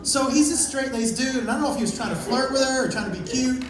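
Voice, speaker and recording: A man telling a story in a stand-up set, punchy and loud at times, swearing freely. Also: extremely high pitch, quick pace. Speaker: stand-up comedian. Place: comedy club stage with a live audience. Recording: echoey, distant live club recording with a loud crowd.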